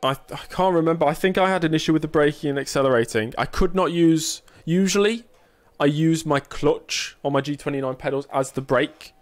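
A man's voice: a little high, a little fast. A man giving casual live commentary while sim racing and chatting with viewers, with dry self-mocking humor.

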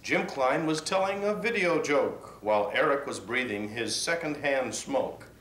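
A man's voice: mid-range voice, expressive, a little slow, fairly bright tone, a little hiss or hum. A man reciting a rhyming holiday poem for a company video. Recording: echoey room.

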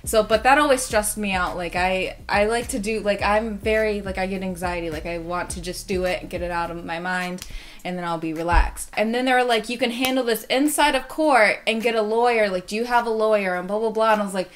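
Young adult woman for a casual storytime video, rambling and excitable delivery. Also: medium pitch, a little fast, slight background noise. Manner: rambling, filler-heavy, excitable.

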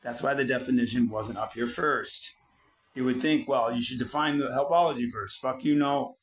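A man's voice: mid-range voice, moderate pace, poor audio. Blunt, foul-mouthed preachy man. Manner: swears constantly, preachy and blunt. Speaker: channel host. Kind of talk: profane motivational monologue.

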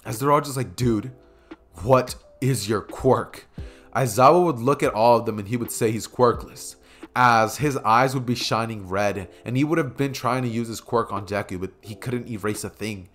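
A man's voice: medium pitch, brisk, a bit bright, faint music behind. A young man casually improvising a fan story, rambling with many fillers and chuckling asides, at a desk mic by a keyboard.

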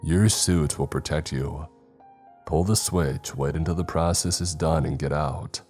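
A man's voice: extremely low pitch, measured pace, a little mellow, soft background music. A man voicing a stern male spaceship captain who gives curt commands. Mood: urgent.

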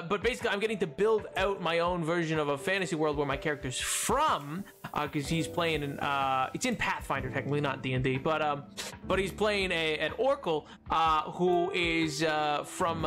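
A young man streaming a game, chatting casually, answering questions aloud and rambling playfully with lots of self-corrections. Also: fairly high pitch. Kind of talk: casual livestream chat while gaming.

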